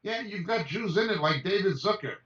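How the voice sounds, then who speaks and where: A man speaks as a Bible teacher in an emphatic, high-pitched voice and reels off names in quick lists. He sounds far from the mic on a video call. The audio is dull and roomy. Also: animated, a bit bright. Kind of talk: impassioned message over a video call.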